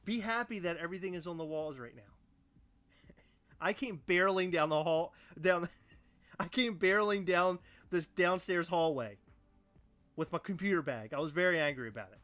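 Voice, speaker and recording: Animated, ranting young man. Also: high voice, normal speed, soft background music. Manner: animated, mock-outraged ranting. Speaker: podcast co-host. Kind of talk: casual chat.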